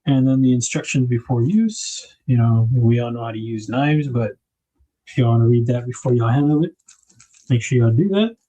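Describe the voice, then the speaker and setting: Laid-back man with a dark voice. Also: medium pitch, moderate pace, low-quality recording. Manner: laid-back, rambling, thinks aloud with fillers. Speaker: host of a knife livestream. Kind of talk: casual unboxing chat.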